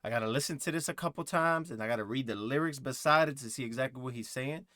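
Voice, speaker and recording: A man's voice: mid-range voice, fast talker, pushed and bright, dry recording, clean studio sound. Rambling man reacting to music. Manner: rambling, thinking aloud with many fillers. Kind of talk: casual reaction commentary.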